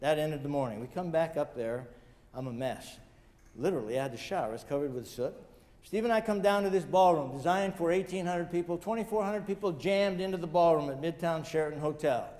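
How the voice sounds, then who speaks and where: High-voiced man lecturing in a big hall. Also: darkish tone. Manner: joking asides, chuckles at own jokes; addresses audience directly, emphatic. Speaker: guest speaker. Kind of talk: motivational lecture with personal stories.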